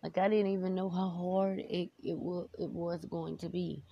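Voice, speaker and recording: A podcast host with a low, gravelly, husky voice talks at normal speed in a level tone, rambling casually, candidly, and emotionally about personal topics with many fillers. The recording is dry, dull, and lo-fi, with faint noise.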